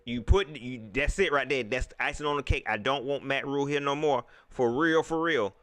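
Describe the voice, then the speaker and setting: A man's voice: mid-range voice, moderate pace, fairly bright tone, no echo. A man hosting a post-game livestream, ranting in repetitive casual slang. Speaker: livestream host.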